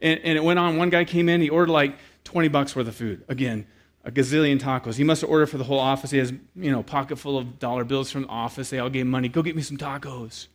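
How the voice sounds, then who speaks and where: A man preaching a sermon, telling a story with lively acted-out quotes and then speaking quietly and earnestly to the congregation. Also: medium pitch, fast talker. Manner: animated storyteller who acts out quoted voices, then turns quiet and earnest. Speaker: pastor.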